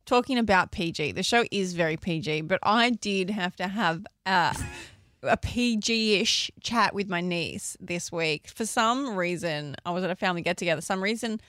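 A woman's voice: lowish voice, normal speed, a bit bright, dry recording, clean studio sound. A woman co-hosting a radio show, chatty and bubbly. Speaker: radio co-host. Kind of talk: commercial radio banter.

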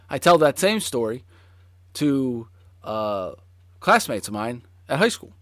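A man's voice: medium pitch, slow, long pauses, no echo. Casual man telling a story, dry sound. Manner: animated, swearing, lots of fillers.

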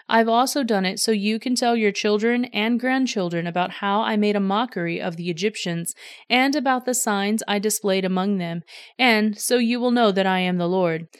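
A woman's voice: medium pitch, dry recording, natural voice. The lord giving commands, solemn, woman reading it, close dry sound. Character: God, solemn commanding male deity.

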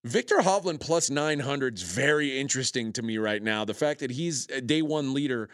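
A man co-hosting a sports betting show, working through leaderboard numbers and odds in an easygoing, conversational way. He pauses with filler words between figures, and his voice sits at a middle pitch. The sound is dry and close, with no room echo. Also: animated, clear, resonant tone. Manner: runs through scores and odds, many "uh" fillers. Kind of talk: casual sports chat.

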